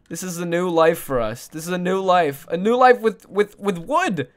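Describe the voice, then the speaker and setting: A woman streaming a video game, chatting casually with her viewers and swinging between squealing joy and mumbled asides. She coos in a high baby voice at a pet. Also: lively intonation, moderate pace, few pauses. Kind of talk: casual live-stream gaming commentary.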